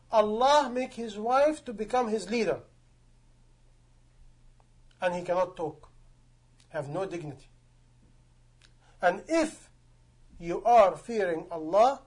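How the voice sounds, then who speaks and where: High-voiced male preacher, emphatic. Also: slow pace, long pauses. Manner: emphatic, rhetorical questions, non-native grammar. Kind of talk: sermon.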